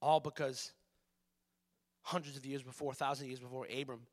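A man preaching a sermon as pastor, passionate, swinging between loud emphatic lines and hushed ones. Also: medium pitch, level tone, normal speed.

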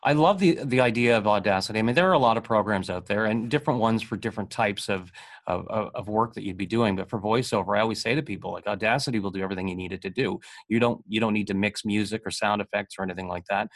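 A man from North America hosting an interview podcast, eager and chatty, often restarting his sentences. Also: on the low side. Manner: quick, eager, many restarts. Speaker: podcast host. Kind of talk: casual interview talk.

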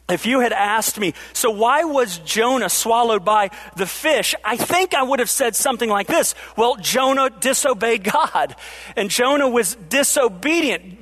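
High-voiced man preaching a sermon. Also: a bit bright. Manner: preaching with rhetorical questions, varying pace for emphasis. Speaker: pastor.

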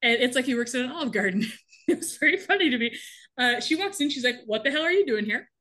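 A woman in casual chat, recapping a TV episode with lively, laughing delivery and quick acted-out lines. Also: high-pitched. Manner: animated, laughing often, acts out characters' lines. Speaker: podcast co-host recapping a TV episode.

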